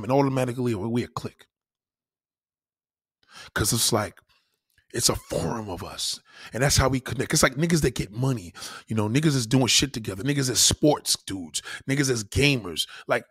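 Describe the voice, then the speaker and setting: A man's voice: medium pitch, expressive, moderate pace, husky, no echo, clean studio sound. A young man hosting a livestream, ranting bluntly and profanely in casual talk, often restarting his sentences. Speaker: livestream host.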